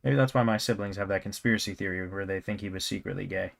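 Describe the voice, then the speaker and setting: A man's voice: low voice, fairly even intonation, quick pace, vocal fry. A man chatting casually while drawing on a live stream, rambling with jokey self-mocking asides and a scratchy throat. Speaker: cartoonist streamer.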